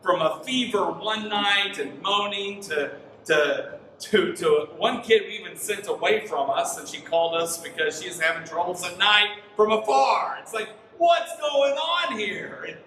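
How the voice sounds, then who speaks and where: A man in his thirties preaching a sermon as pastor, telling stories in an animated way and sounding tired from little sleep. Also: high-pitched, unhurried, slight background noise. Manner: animated storytelling, rising to near-shouts in frustration. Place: church sanctuary. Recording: echoey room, mic at a distance.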